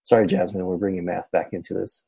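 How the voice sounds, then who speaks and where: A man reflecting on a psalm in a casual Bible discussion, speaking haltingly with many fillers and restarts. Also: sits low, fairly even intonation, gravelly, dark tone, breathy edge, rough recording. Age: adult. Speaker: Bible study discussion leader.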